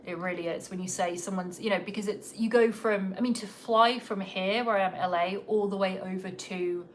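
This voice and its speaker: A woman's voice: mid-range voice, fairly even intonation, normal speed, a little hiss or hum. A woman from England with a slightly Americanized English accent, chatting casually and rambling on a podcast livestream. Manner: chatty, self-deprecating, rambling. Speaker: podcast host. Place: home in Los Angeles.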